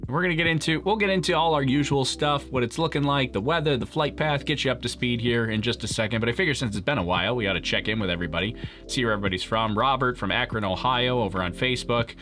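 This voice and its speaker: A man's voice: mid-range voice, fast, sharp tone, faint music behind. A man hosting a live stream, chatting casually with viewers, joking and laughing often. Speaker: livestream host.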